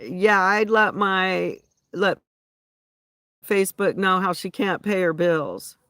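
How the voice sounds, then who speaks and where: A woman's voice: mid-range voice, fairly even intonation, slow, fairly bright tone, no room sound, clean studio sound. A woman ranting indignantly to her viewers in a rambling, casual way, often restarting her sentences. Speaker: vlogger. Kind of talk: casual venting rant to viewers.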